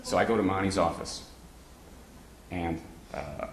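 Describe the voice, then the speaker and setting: A man's voice: sits low, unhurried, noisy background. A man speaking to a live audience, telling humorous stories in a rambling way with frequent hesitant fillers. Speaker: guest speaker. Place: meeting hall with an audience. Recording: roomy hall sound with faint ambience.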